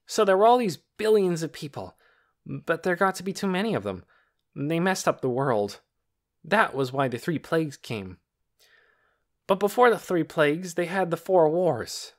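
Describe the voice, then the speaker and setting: Pushing his voice up to a fairly high pitch, a man reads the part of a superior know-it-all boy in an audiobook. He speaks at a moderate pace and sounds very animated, lecturing in a precise, teacherly manner full of smug self-importance.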